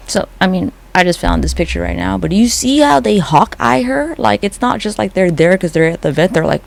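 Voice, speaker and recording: Talking over photos in an unscripted, casual rant, this conspiracy vlogger gossips, swears, and keeps acting out short mock quotes. The voice is gravelly with big pitch swings up and down. Despite the energy, the speaker sounds a little down.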